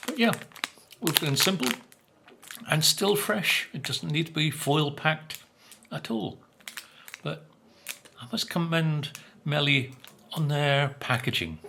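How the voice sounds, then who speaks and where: A man's voice: a little high, slow, gravelly, pauses often, bright, forceful tone, a little hiss or hum. An older man, chatting casually while tasting biscuits, musing with plenty of fillers and speaking with his mouth full at times. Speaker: vlogger. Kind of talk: casual food review.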